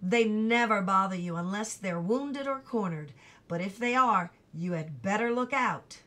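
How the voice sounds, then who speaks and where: A woman voicing a hearty, booming rural father who talks jovially and reassuringly. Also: expressive, unhurried, bright, forceful tone.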